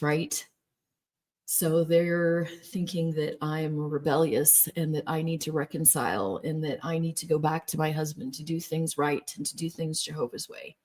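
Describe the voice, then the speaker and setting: A woman's voice: low voice, dark tone. A woman telling her personal story in an emphatic, emotional way, recounting hard years with the odd laugh. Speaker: former Jehovah's Witness telling her story.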